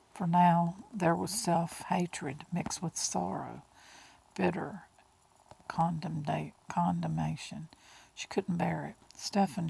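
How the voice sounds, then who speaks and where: A woman reading an audiobook in a slow, hushed way, with breathy whispered words. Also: on the low side, rough recording. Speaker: audiobook narrator. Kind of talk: audiobook narration.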